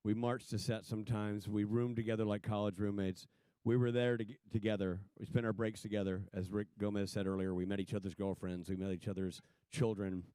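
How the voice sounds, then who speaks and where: A man's voice: on the low side, level tone, a little fast, mellow, smooth, dry recording. A man on a panel talking in an earnest, reflective way. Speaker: actor on a panel. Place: stage at a symposium.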